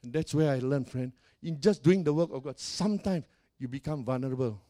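A middle-aged man preaching a lively storytelling sermon, laughing often and swinging between loud and soft. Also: medium pitch, fairly quick. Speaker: pastor.

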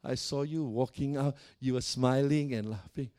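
Man playing a nervous church guy, quiet, low, hesitant. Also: normal speed, lightly acted. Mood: sheepish. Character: nervous male church member accusing a pastor.

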